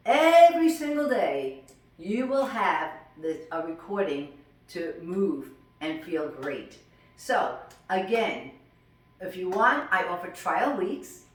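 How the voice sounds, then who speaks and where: A woman over fifty, a fitness instructor, chatting effusively while cooking, full of animated exclamations. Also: on the low side, far from the mic. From United States. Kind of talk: casual cooking vlog chat. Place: home kitchen. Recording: roomy echo, voice from off-mic in a home kitchen.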